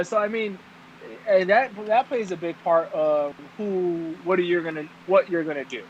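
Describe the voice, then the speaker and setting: A man with a slightly high voice, chatting casually about baseball. He leans on fillers and laughs often. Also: normal speed, muffled recording. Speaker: podcast co-host. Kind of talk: casual sports chat.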